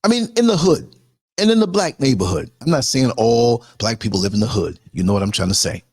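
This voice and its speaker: A man hosting a podcast, telling stories in a loose, conversational way, with quick asides to his listeners and bursts of mimicry. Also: mid-range voice, breathy edge, no echo. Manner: animated, jumps into mimicry and sound effects; conversational, frequent asides to viewers. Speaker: podcast host. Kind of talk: casual storytelling monologue.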